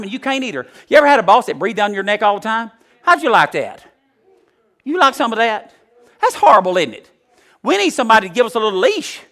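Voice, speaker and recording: Male preacher, folksy sermon, bright ringing tone, swings loud to hushed. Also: high-pitched.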